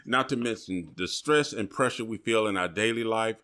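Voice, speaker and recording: A man hosting a podcast, opening the episode in a measured, earnest way. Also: on the low side, a bit bright. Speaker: podcast host.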